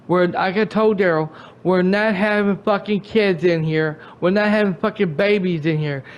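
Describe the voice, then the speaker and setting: A riled-up man with a drawl and a voice that sits high for a man, scolding a friend in a long rant. His sentences keep stopping and starting over as he repeats himself. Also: steady tone, normal speed, smooth. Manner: angry, repetitive, stumbling restarts. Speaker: gaming channel host.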